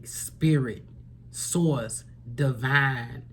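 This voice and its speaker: A woman gives an earnest, preachy spiritual tarot reading to the camera, repeating phrases for emphasis and now and then sinking into a soft near-whisper. Her voice is low and animated, her delivery slow, with slight background noise behind her.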